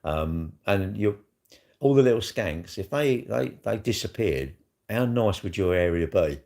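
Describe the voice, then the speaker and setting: A man's voice: lowish voice, lively intonation, a little slow, gravelly, a little mellow. A middle-aged man, rambling bluntly and crudely in a casual livestream chat, tossing in tag questions as he answers comments. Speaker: livestream host.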